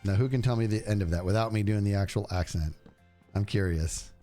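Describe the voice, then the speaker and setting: A man's voice: lowish voice, a little fast, warm tone, soft background music. A man streaming a game, chatting casually and rambling to his viewers. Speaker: livestreamer. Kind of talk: casual gameplay stream chat.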